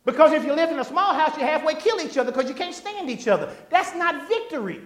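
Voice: high-pitched, fast. Prédicateur animé dans une église qui résonne. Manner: animated, call-and-response preaching; folksy, conversational asides. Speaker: pastor. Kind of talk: sermon. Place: church sanctuary. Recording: echoey church room.

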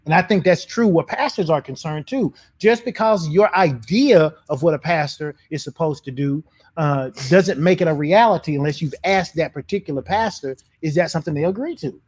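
A man's voice: fairly high pitch, normal speed, darkish tone, husky. A man speaking as a pastor in a church talk, fervent and emphatic. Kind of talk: sermon-style church talk.

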